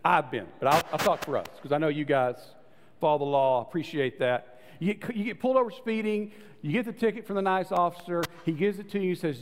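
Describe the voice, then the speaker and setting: A man preaching a sermon in a conversational way, acting out the people in his stories. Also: fast talker. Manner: conversational preaching, acts out voices with rising pitch. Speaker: pastor. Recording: long hall reverb.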